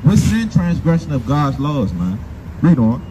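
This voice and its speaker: A man's voice: fairly high pitch, big pitch swings, measured pace. A man preaching on the street outdoors at a gas station, scolding and calling for scripture to be read. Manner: confrontational, scolding, repetitive call-and-response. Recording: noisy outdoor street recording.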